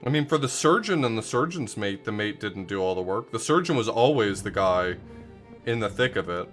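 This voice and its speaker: A man's voice: on the low side, animated, moderate pace, fairly bright tone, soft background music. A man streaming a game, thinking aloud and making self-deprecating asides in casual commentary. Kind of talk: casual live gameplay commentary.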